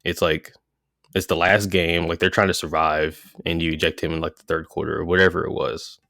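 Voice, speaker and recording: A man co-hosting a podcast, talking sports in a relaxed way with lots of fillers. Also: sits low, a little fast, creaky, no room sound, clean studio sound. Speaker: podcast co-host. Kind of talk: casual sports chat.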